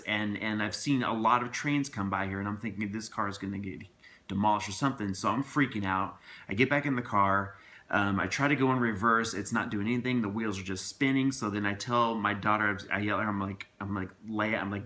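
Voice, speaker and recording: A man recounting a story to camera in loose, rambling talk, doubling back on himself again and again. His voice sits fairly low but comes through bright, forceful and edged. He sounds earnest throughout. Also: fairly quick. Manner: rambling and earnest, many restarts and asides. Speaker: father telling a personal story to camera. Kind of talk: casual spoken storytelling.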